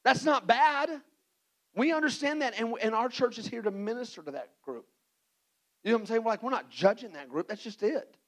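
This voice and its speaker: A man preaching a sermon as pastor, animated and playful, acting out little scenes for the congregation. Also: very high voice, fairly quick, poor audio.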